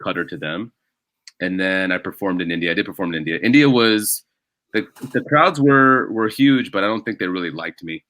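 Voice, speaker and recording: A man's voice: low-pitched, expressive, normal speed, fairly bright tone, no echo. A male stand-up comedian as a guest on a casual podcast, telling rambling self-deprecating stories.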